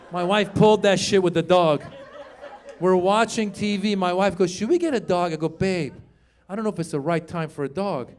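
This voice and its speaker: A middle-aged man from Iran doing an animated stand-up set on a club stage, acting out shouted quotes as he tells stories. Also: high voice, moderate pace. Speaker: stand-up comedian. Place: comedy club stage with live audience.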